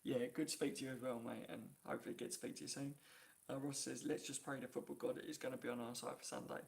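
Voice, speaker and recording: A man's voice: medium pitch, little pitch movement, fast talker, gravelly. A man hosting a casual live stream from his phone, reading viewer comments aloud and laughing often. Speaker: YouTube live-stream host.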